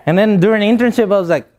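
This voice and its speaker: A young male motivational speaker with a non-native accent addresses a youth audience. His voice sits high and rises and falls with lively swings. He repeats phrases for emphasis and mixes in jokes.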